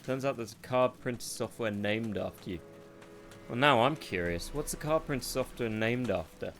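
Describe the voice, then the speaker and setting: Male game streamer, wry and sarcastic, mid-pitched voice, faint music behind. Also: normal speed, fairly bright tone. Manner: joking, sarcastic, swears freely. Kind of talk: casual gameplay commentary.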